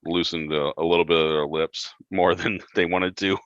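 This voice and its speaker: A man with a very low voice chats in an easygoing, agreeable way and chuckles along. The sound is close and dry. The audio is dull and lo-fi. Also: fairly even intonation, normal speed, a bit bright, dry recording. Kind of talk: casual chat. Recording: dry lo-fi recording.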